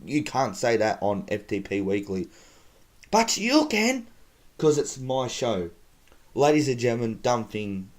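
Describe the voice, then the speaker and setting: Mocking male comedy host. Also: medium pitch. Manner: mocking, teasing. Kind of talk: comedic show hosting.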